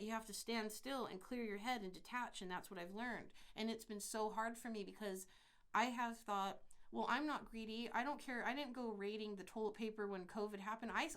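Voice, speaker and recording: A woman's voice: on the high side, fairly bright tone. A middle-aged woman from California, hosting a podcast in a blunt, profane, rambling casual monologue. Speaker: podcast host.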